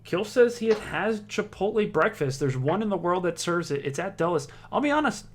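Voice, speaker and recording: A man's voice: high-pitched, sing-song, moderate pace, slight background noise. A man giving casual play-by-play commentary on a darts league, chatty, reading out scores and viewer comments.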